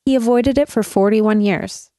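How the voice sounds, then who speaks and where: A woman's voice: a little high, normal speed, dark tone, dry recording, clean studio sound. A woman co-hosting a podcast, chatting with jokes and rambling asides into a desk mic. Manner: joking, rambling. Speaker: podcast co-host. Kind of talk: casual podcast chat.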